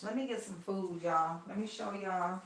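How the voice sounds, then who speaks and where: A woman's voice: medium pitch, moderate pace, roomy sound, a little hiss or hum. A woman vlogger chatting bluntly with her viewers while cooking at home, gossipy and loose, calling them y'all. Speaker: vlogger talking to her live chat. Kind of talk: casual chat while cooking.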